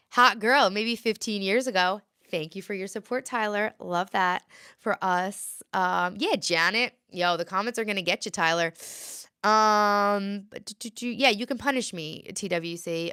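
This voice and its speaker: A woman's voice: mid-range voice, a bit bright, clean tone, dry recording, clean studio sound. A woman in her late thirties, chatting casually on a live stream, rambling and answering viewer comments aloud. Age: 30s. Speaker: livestream host.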